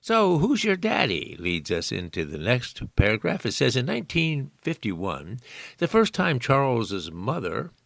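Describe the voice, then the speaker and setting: A man's voice: on the low side, big pitch swings, measured pace, gravelly, a bit bright, no echo. A man, a volunteer reader in a studio, reading news articles aloud with folksy asides of his own. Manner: folksy, aside-prone, amused.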